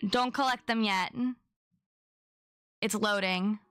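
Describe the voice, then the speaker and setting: A woman's voice: mid-range voice, slow, fairly bright tone, clean tone, no room sound, studio quality, faint music behind. A young adult woman chatting casually on her live stream, bubbly and chatty as she greets viewers by name.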